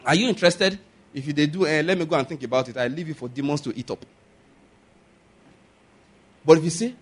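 A man's voice: a little high, animated, fairly quick, pauses often, husky. A man with a Nigerian accent preaching a sermon, repeating his points emphatically and chuckling often. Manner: emphatic, repetitive exhortation with frequent chuckles.

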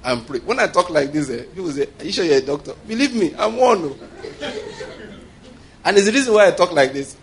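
A man delivers a lively sermon in a fairly high voice, joking and laughing as he goes. He throws questions to his congregation and waits for their replies. A faint hiss of background noise sits under the recording. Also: a little fast. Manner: humorous, call-and-response with congregation, laughing often. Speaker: preacher.

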